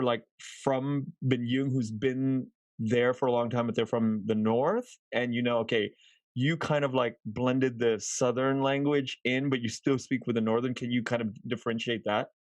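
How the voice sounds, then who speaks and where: A man's voice: medium pitch, steady tone, measured pace, dry recording. A man hosting a podcast, asking long, rambling questions in a casual way. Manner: rambling, loosely built questions. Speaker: podcast host. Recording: dry close mic.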